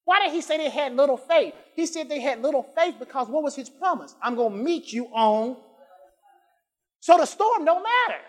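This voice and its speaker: A male pastor preaching a sermon, dropping to quiet asides and rising to shouted emphasis, repeating phrases and drawing out scripture lines. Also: extremely high pitch, a little fast, few pauses. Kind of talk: preaching a sermon with call-and-response.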